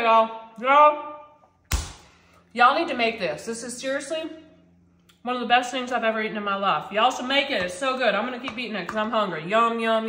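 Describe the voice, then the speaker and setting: A woman's voice: on the high side, fairly bright tone, slight background noise. Chatty woman in an echoey kitchen. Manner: chatty, addresses viewers as y'all. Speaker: cooking channel host. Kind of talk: casual cooking vlog.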